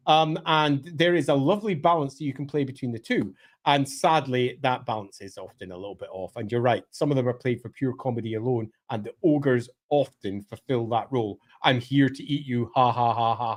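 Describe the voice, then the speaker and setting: Guy on a podcast, kinda high voice, really emphatic, voice jumps around. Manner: emphatic, with lively swings in pitch. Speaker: co-host of a lore podcast. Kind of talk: casual discussion.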